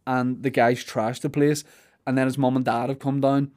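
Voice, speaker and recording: A man's voice: medium pitch, flat delivery, normal speed, darkish tone. A man with a Belfast accent chatting casually on a podcast, rambling and joking and acting out silly voices. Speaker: podcast host. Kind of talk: casual comedic chat.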